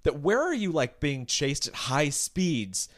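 A man's voice: fairly high pitch, big pitch swings, a little slow. A man co-hosting a casual celebrity news podcast, asking incredulous, sarcastic questions and reading news excerpts aloud with asides. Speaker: podcast co-host.

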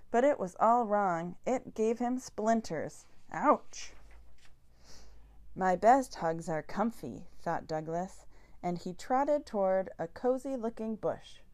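Brief: woman storyteller for a picture book, lively rising and falling tune, slow bedtime delivery. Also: medium pitch. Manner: slow, expressive, sing-song reading. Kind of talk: reading a children's picture book aloud.

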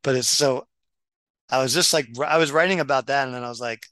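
A man's voice: medium pitch, fast talker, a bit bright, dry recording, poor audio. A middle-aged man, a doctor and writer, talking casually with many restarts and fillers. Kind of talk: casual podcast conversation.

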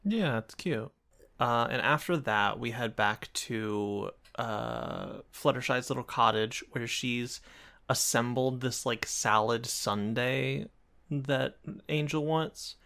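Gravelly, wry podcast co-host. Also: medium pitch, slow, a bit bright. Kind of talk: casual chat recapping a cartoon.

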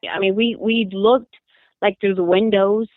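A mother giving an emotional interview, halting and repeating her words in distress. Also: mid-range voice, steady tone, dry recording. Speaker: mother of a missing daughter, interviewee. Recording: tinny phone line.

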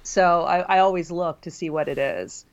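A woman's voice: on the low side, normal speed, highs cut off. A woman who teaches college writing, co-hosting a casual talk and laughing often between fillers. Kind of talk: casual conversation.

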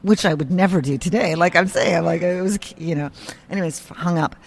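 A woman guest in an interview, telling a story in a casual, animated way, swearing freely and acting out the voices of people she quotes. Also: lowish voice, fairly quick, gravelly, a little hiss or hum.

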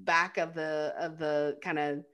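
A woman co-hosting a casual film podcast, retelling scenes with animated quotes and laughter. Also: deep voice, measured pace. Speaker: podcast co-host. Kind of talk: casual film recap chat.

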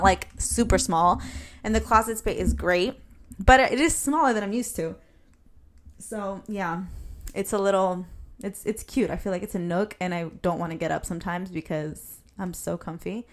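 A young woman hosting a casual solo podcast from her bedroom, rambling and chatty with plenty of fillers and laughs. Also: lowish voice. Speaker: podcast host.

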